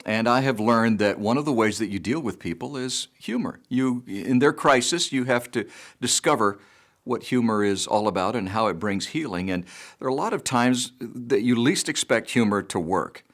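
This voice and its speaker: A man who works as a minister tells a funeral anecdote in a calm, measured pastoral way. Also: medium pitch. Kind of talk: storytelling anecdote.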